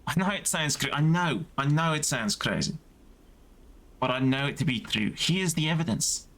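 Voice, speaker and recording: A man voicing an elderly female gardener-scientist with a put-on Welsh accent, speaking softly and earnestly as he reads game dialogue aloud. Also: a little high, lively intonation, normal speed, pitched above the performer's own voice.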